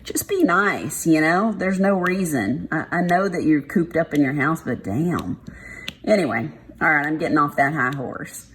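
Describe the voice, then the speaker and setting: A woman's voice: sits low, moderate pace, a bit bright, a little hiss or hum. A woman with a Texas accent, chatting casually and frankly while she does a craft, with plenty of y'alls and mild swearing. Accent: Texan. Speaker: craft vlogger. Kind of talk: casual chat while diamond painting.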